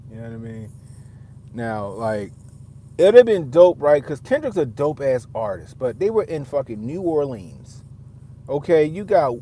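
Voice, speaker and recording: A man's voice: medium pitch, mellow, a little hiss or hum. A man giving a casual, profane commentary, rambling and often repeating himself as he restarts his thoughts. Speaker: father.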